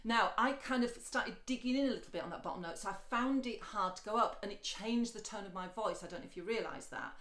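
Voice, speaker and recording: A woman's voice: expressive, fast, hardly any pauses, fairly bright tone, roomy sound. A woman teaching singing, chatty and encouraging, talking straight to the viewer. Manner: switches between speech and light, high sung lines. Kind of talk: singing lesson with sung demonstrations.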